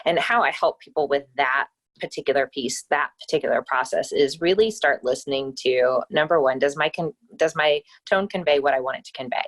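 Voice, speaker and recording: A woman's voice: deep voice, brisk. A woman speaking as a podcast guest and speech coach, explaining with upbeat, emphatic delivery on a remote call. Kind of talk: casual interview chat.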